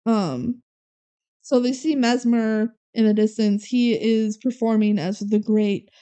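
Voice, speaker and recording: A woman co-hosting a casual podcast, walking through a movie's plot scene by scene. She slips into quick imitations of the characters' lines as she tells it. Her voice sits on the higher side with a soft, mellow tone. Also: steady tone, smooth. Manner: retells scenes with quick quoted voices and laughs. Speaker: podcast co-host. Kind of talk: casual movie recap chat.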